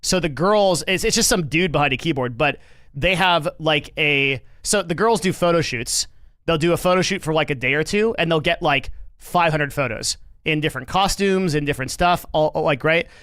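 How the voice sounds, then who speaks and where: Livestream host, male, a bit high-voiced, dry close mic, rambling and casual with swearing. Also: normal speed, fairly bright tone, no room sound. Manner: rambling, loose, swears freely.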